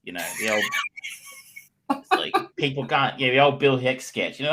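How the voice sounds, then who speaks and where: A man's voice: mid-range voice, expressive, normal speed, pauses often, sharp tone, low-quality recording. A middle-aged Australian man co-hosting a podcast in casual chat, rambling with lots of fillers and restarts. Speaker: podcast co-host.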